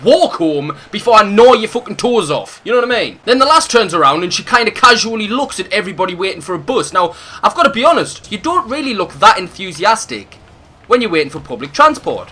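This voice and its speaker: A man's voice: high-pitched, big pitch swings, fast, pushed and bright, slightly rough. A young man telling a profane, ranting story while playing a game, full of comic insults. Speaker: gaming video host. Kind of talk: ranting storytime over gameplay.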